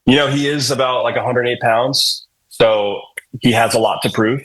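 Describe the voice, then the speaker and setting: Podcast guest: man, late 30s, from New England, husky tone, rambling, profane storyteller. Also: mid-range voice, steady tone, normal speed, fairly bright tone, poor audio. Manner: rambling, profane, joking, acts out quotes. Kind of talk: casual storytelling chat.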